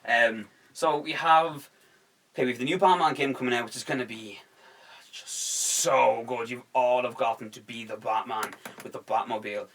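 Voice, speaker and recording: An excitable young man hosts a casual podcast chat. He swears freely and bursts into little acted-out bits of the scenes he describes. His pitch sits in an ordinary middle range for a man. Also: normal speed. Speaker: podcast host.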